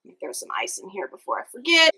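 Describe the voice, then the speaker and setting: Upbeat young woman from louisiana making drinks at home, bright voice, chatty host. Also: mid-range voice, wildly swooping pitch, fast talker, poor audio. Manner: chatty and upbeat, talking to the viewer while mixing. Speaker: cooking show host. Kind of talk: casual cocktail demonstration.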